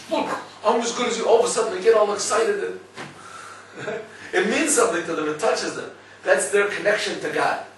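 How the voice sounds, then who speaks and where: A man giving a lively Torah class, telling stories and checking with listeners as he goes. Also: high-pitched, heavy reverb, distant mic, a little hiss or hum, low-quality recording. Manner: storytelling, lively, asks listeners "right?". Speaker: rabbi teaching a class.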